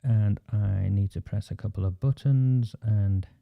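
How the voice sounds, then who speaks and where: This livestream host, who has a Northern English accent, gives an impassioned, emphatic monologue full of indignation and repetition. His voice is on the low side, unhurried and creaky, with phone-quality sound.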